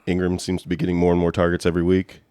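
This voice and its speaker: Deep-voiced man trading wry one-liners. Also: completely flat delivery, very fast, mellow, clear, resonant tone, no echo, studio quality. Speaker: podcast co-host. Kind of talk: casual sports chat.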